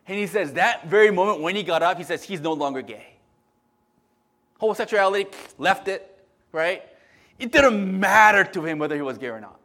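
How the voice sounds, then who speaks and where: Male pastor, high-pitched, animated sermon delivery, keeps asking "right?", loud one moment and quiet the next. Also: moderate pace. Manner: animated storytelling, swinging between loud bursts and hushed murmurs; frequent "right?" tag questions.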